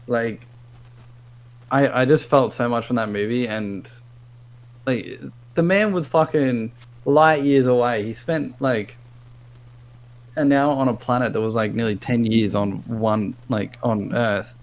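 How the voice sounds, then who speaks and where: A man's voice: medium pitch, a little slow, low-quality recording. A young man chatting casually as a podcast guest, rambling emotionally with lots of fillers. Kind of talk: casual chat.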